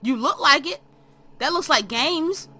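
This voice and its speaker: A woman's voice: high-pitched, animated, unhurried, sharp tone, no echo. A young woman hosting a game let's play from her room, chatting to viewers and to the characters on screen. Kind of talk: casual game commentary.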